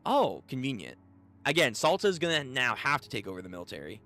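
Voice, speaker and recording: A man casually commenting and chatting with viewers during a live manga readthrough, slangy and animated. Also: mid-range voice, quick pace. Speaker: streamer reading manga aloud.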